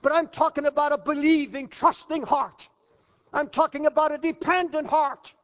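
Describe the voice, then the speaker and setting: An older man delivers a fervent sermon from the pulpit in a very high voice. The sound is dull and lo-fi, and a long hall reverb trails each phrase. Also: fairly even intonation, moderate pace. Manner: fervent preaching, drops low and quiet for the voice of the flesh. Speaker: pastor.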